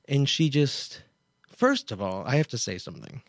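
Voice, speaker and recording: A man's voice: medium pitch, wildly swooping pitch, moderate pace, dry recording. Chatty incredulous man, dry sound. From Kansas, US. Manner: chatty, incredulous, frequent asides. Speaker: show host. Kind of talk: casual commentary.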